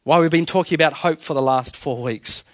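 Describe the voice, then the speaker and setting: A man's voice: fairly high pitch, fairly quick, a bit bright, dry recording, clean studio sound. A male pastor preaching a sermon to his congregation, emphatic and full of rhetorical questions. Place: church.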